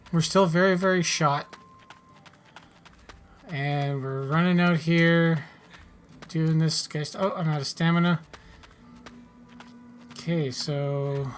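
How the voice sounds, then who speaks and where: A man's voice: on the high side, a little hiss or hum. A man giving casual, self-mocking gameplay commentary as a gaming YouTuber, trailing off mid-thought.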